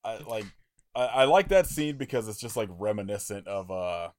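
A man's voice: lowish voice, lively intonation, normal speed, darkish tone. A man in casual film chat, swearing with loose enthusiasm. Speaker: podcast guest.

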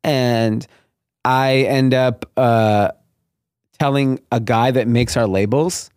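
A man's voice: medium pitch, takes it slowly, clear, resonant tone, dry recording, studio quality. A man in his thirties from the Los Angeles area, telling his business story in a casual interview and acting out the other people in it. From Los Angeles area, Granada Hills. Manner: animated storyteller, acts out quoted voices. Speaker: guest, clothing brand founder.

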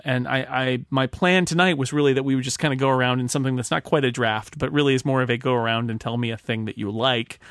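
A man from the United States hosts a casual podcast panel and leads with playful, mock-pompous rants, his voice set at an ordinary middle pitch. The recording is close and dry with no room sound around him. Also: a bit bright, dry recording. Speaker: podcast host.

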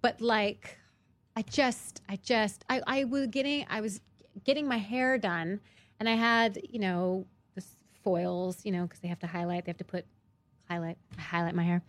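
A young adult woman in casual chat, telling a story with lots of halting restarts. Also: medium pitch, steady tone, no room sound.

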